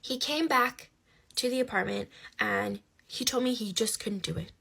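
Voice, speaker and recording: A young woman telling a personal story in casual conversation, animated, swinging between hushed asides and loud outbursts. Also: on the high side, moderate pace, gravelly, breathy edge.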